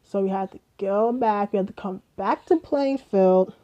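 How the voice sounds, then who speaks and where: A young adult woman casually retelling a story, animated and profane, acting out what everyone said. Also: mid-range voice, moderate pace, lo-fi sound. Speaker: vlogger.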